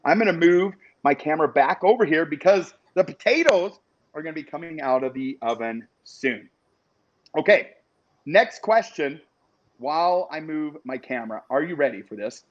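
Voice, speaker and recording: A man's voice: on the high side, expressive, moderate pace, highs cut off. Chatty upbeat man with Western American accent. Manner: chatty, upbeat, addresses viewers as you guys. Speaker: host of a live cooking and trivia stream. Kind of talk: casual live-stream chat, reading viewer comments.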